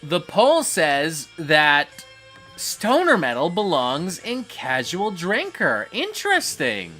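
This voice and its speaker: A man's voice: sits high, wildly swooping pitch, slow pace, sharp tone, soft background music. A man hosting a casual livestream, reading chat messages aloud and reacting with frequent swearing.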